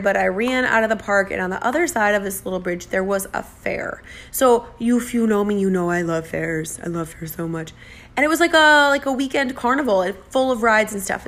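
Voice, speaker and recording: Chatty American woman telling a travel story. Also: a little high. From United States. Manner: chatty, animated, self-deprecating, acts out dialogue.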